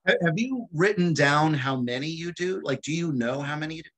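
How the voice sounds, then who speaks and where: A man asking interview questions in an excitable, enthusiastic way. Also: a little high, fairly quick. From United States. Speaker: magician interviewing the host. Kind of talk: casual interview chat.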